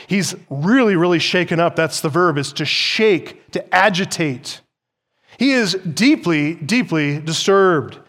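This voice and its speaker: A male pastor delivering a sermon in an animated preaching style, his voice rising for emphasis. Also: on the high side.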